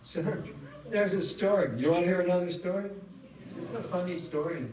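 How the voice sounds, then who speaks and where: A man's voice: sits high, normal speed, a little mellow. A man giving a spiritual talk to a live audience, chatty and engaging, asking the room questions and telling funny stories. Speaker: spiritual teacher. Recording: roomy hall, distant mic, faint noise.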